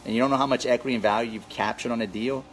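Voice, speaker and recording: A man's voice: medium pitch, fairly even intonation, racing, rough recording. A man coaching real estate wholesalers in a live Q&A, talking energetically and repeating his key points for emphasis. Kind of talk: live Q&A with viewers.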